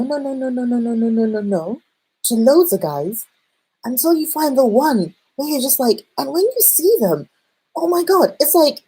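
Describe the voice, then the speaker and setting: A woman dating coach giving casual advice in a chatty, animated way, with playful asides to the viewer. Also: fairly low pitch, slightly rough, poor audio. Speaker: dating and self-discovery coach.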